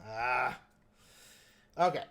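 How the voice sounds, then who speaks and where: A man's voice: mid-range voice, drawn-out words, a bit bright. A man hosting a live stream, chatting casually and meandering while he explains his painting technique and answers viewers.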